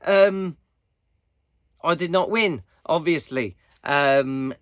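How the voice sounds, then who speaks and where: Guy rambling thru a casual update, slow and halting with lots of ums, bright voice, dry close sound. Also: a little high, no echo. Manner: halting, many fillers, unhurried. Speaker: air guitarist giving competition updates.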